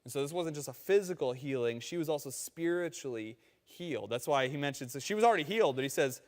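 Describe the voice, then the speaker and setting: Animated male pastor in a reverberant hall. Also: mid-range voice, fast talker, hardly any pauses. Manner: conversational, animated storytelling with acted-out quotes. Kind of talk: sermon.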